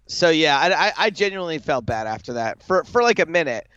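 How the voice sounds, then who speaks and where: A man's voice: a little high, fairly quick, clear, resonant tone, no room sound, lo-fi sound. A man co-hosting a poker podcast in casual chat, telling stories with lots of filler words. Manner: chatty, lots of filler likes, animated retelling. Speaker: poker show co-host.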